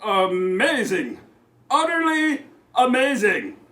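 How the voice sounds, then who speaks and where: A cheerful male dragon puppet, put on by a man, chattering in a high voice that swoops all over. He takes his time with every line, and the room around him rings with echo. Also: very animated, slow pace, sharp tone, far from the mic, full character voice. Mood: excited. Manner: bouncy, theatrical, exclaiming. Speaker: puppet character on a children's show. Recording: roomy echo.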